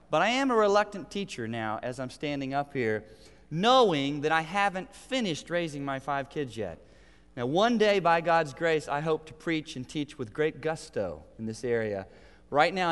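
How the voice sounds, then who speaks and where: A man's voice: a little high, a bit bright. A man in his thirties, a pastor, preaching a sermon in an earnest voice that builds to emphatic declarations. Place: church sanctuary. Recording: long reverb of a large hall.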